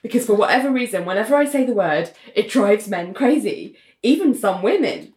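A woman voicing a calm, matter-of-fact young woman with a plain, deadpan way of talking. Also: medium pitch, a little fast, close to an everyday voice. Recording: roomy echo.

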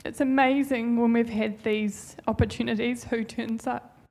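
A woman's voice: a little high, steady tone, normal speed, a little mellow. Chatty New woman giving a heartfelt talk. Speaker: church speaker. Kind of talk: informal sermon testimony.

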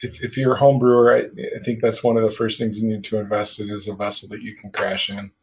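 A man's voice: lowish voice, little pitch movement, fast talker, darkish tone, poor audio. A man chatting casually on a podcast about home brewing, rambling with lots of fillers and casual swearing. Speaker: podcast co-host.

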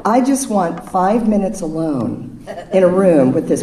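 A woman's voice: lowish voice, very animated, unhurried, background noise. Woman preaching in an echoey hall. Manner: playful, chatty, laughs with the audience. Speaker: speaker at a spiritual service. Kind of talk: informal sermon with breathing exercises. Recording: echoey room, distant mic.

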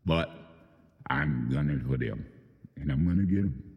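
Deep-voiced man, calling people out by name in an angry, profane monologue, recorded with a long echo. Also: expressive, normal speed, creaky, phone-quality sound. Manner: profane, venting, confrontational, addressing people by name. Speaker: host of his own show.

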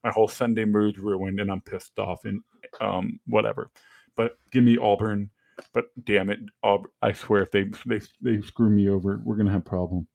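A lower-voiced man co-hosting a sports podcast, swearing freely as he talks. He acts out his reactions and talks through his picks in a loose, excitable way. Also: normal speed, vocal fry. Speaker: podcast co-host. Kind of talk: casual sports chat.

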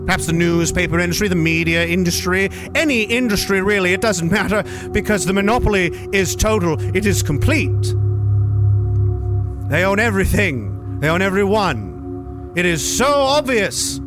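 A man's voice: high-pitched, lively intonation, music in the background. A man putting on a grave old storybook narrator. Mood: grim. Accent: put-on old-fashioned storyteller accent. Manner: slow, dramatic, portentous delivery.

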